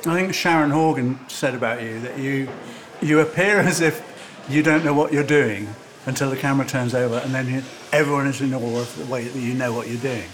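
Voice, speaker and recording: A man's voice: mid-range voice, fairly quick, fairly bright tone, slight background noise. An older man hosting a casual lunchtime interview at a restaurant table, telling rambling, easygoing anecdotes. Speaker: host. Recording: busy restaurant chatter behind. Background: diners chattering.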